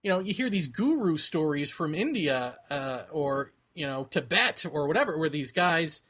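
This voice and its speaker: A podcast co-host tells a long personal story in casual conversation, his bright voice sitting a little high for a man. His intonation is lively and his speed normal. He laughs often and acts out the people he quotes.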